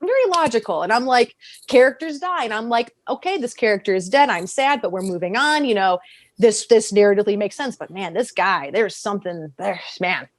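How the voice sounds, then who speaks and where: A young adult woman, a podcast guest, telling stories in an animated, expressive way and laughing often. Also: medium pitch, brisk, no echo. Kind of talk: casual podcast chat.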